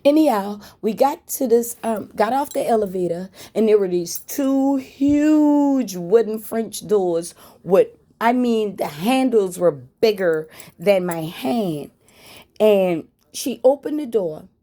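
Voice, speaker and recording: A woman's voice: mid-range voice, animated, slow pace, warm tone. A woman telling a story to her viewers in a blunt, frank way, with swearing. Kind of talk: casual story time.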